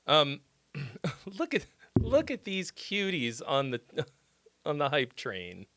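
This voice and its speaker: A man's voice: a little high, wildly swooping pitch, takes it slowly, a bit bright, no room sound. A man hosting a casual livestream, reading chat and messages aloud, laughing often and muttering and swearing to himself. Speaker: livestream host giving song feedback.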